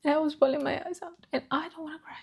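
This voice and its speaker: A woman's voice: high voice, fairly even intonation, fast talker, vocal fry, darkish tone. A woman chatting casually about books she read, emotional, swearing freely and repeating herself. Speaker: book vlogger. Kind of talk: casual chat.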